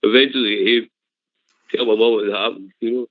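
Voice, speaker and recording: A man's voice: fairly low pitch, fairly even intonation, fairly quick, no echo. An older man with a Glasgow accent, calling in to tell a rambling story with laughs. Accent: Scottish, Glasgow. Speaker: caller. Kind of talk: phone-in storytelling. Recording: tinny phone line, dry.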